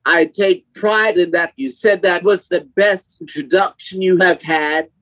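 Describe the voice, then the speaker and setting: Male text-to-speech voice, bright and dry. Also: high voice, fairly even intonation, unhurried, no echo, lo-fi sound. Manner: evenly paced synthetic delivery. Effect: text-to-speech device voice. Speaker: guest speaker. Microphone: video call.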